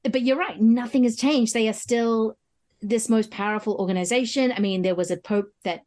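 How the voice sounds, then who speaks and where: A woman hosting a podcast, chatting in an animated way about films. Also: a little high, moderate pace. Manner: chatty, animated, frequent "mm" backchannels. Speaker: podcast host. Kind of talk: casual film discussion.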